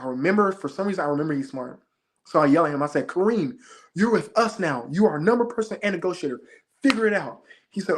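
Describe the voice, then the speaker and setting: Animated young man telling a story. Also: fairly high pitch. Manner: fast, excited retelling, acting out his own shouts. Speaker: interview guest, former game show contestant. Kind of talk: animated storytelling in casual chat.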